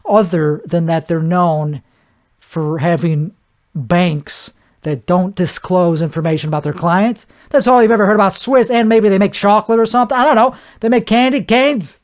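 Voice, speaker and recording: A man's voice: high-pitched, normal speed. A man hosting a solo podcast, riffing comedically in a rambling way, with stammered restarts and mouth sound effects. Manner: frequent restarts and stammered repeats. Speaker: podcast host.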